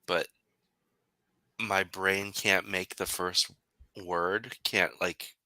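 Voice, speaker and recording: A man's voice: low voice, steady tone, very slow, sharp tone, no echo. A man co-hosting a casual chat, tossing in dry, wry quips.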